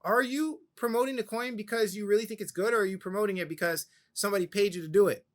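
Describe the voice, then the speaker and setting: Urgent high-voiced man pitching crypto. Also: steady tone, fast. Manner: urgent, repetitive, emphatic. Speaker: crypto channel host. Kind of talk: direct-to-camera pitch.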